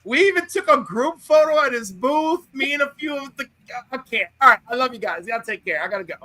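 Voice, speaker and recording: A man with an unusually high, bright voice chats casually on a comic book podcast. He jokes in an animated way and keeps slipping into quoted voices. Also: brisk, no room sound, rough recording. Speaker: podcast co-host. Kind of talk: casual chat.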